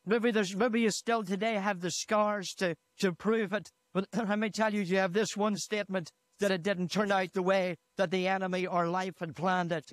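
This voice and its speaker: Pastor from Northern Ireland, fervent storytelling sermon, high voice, dry close mic. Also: male voice, steady tone, normal speed, hardly any pauses, no echo. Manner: retells a story with repeated "he said", rising to fervent emphasis. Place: church hall. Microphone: handheld microphone.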